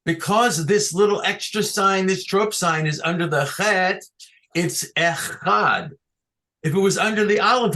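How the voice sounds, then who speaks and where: A male cantor gives an online lesson on chanting scripture, speaking slowly in a fairly high voice. He explains each point patiently and keeps checking that his students follow. The sound comes through a computer mic on a video call. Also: fairly bright tone. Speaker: cantor teaching a class.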